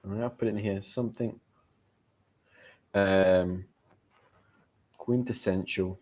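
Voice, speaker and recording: A man's voice: lowish voice, fairly even intonation, slow pace, darkish tone. Man, English accent, live-streamed lesson, chatty, upbeat, repeats key words. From England. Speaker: English teacher. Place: home in Spain.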